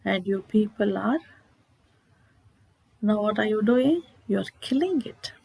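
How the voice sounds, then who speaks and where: A woman teacher reading out the lines of a grieving old man who pleads for his tree, slowly and earnestly. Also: medium pitch, animated, creaky, darkish tone, breathy edge, exaggerated voice, poor audio. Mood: pleading.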